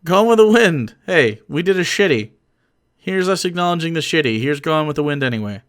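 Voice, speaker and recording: A man streaming, reacting to a clip with profane ranting commentary, laughing often and swinging from mumbles to shouts. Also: fairly high pitch, animated, fairly quick, smooth.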